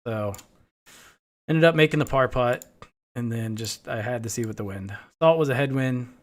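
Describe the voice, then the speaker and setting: A man's voice: mid-range voice, moderate pace. A man streaming a game, chatting casually and telling rambling stories full of profanity. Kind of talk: casual chat while playing.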